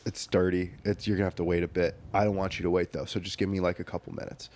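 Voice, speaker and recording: A man voicing a soft-spoken, kind male rental clerk in a lowered, hushed voice. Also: little pitch movement, fairly quick, natural voice. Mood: hushed, kindly. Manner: low, hushed, confiding.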